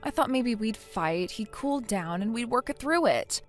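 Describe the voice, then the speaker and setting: Brief: woman voicing whiny, defensive young wife, text-story read, soft music behind. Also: a little high, lively intonation, unhurried. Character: self-pitying young wife who cheated.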